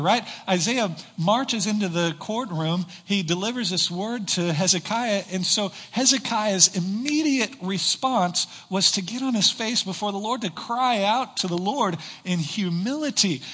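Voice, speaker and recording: Male pastor, sermon delivery, high and bright, asks the congregation questions, lingers on key words. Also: breathy edge. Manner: earnest preaching, slows down for emphasis, rhetorical questions. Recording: reverberant hall.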